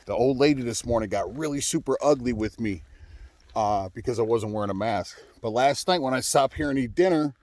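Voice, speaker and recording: A man's voice: medium pitch, fairly quick, darkish tone, no room sound. A man, a truck driver, chatting casually to his viewers in a rambling way, full of fillers and restarts.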